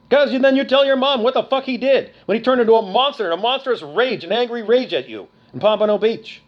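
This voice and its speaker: A man's voice: extremely high pitch, lively intonation, quick pace, hardly any pauses, dull audio. Profane, furious middle-aged man ranting. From Canada. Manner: profane, accusatory, repetitive. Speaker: vlogger. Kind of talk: angry rant to camera.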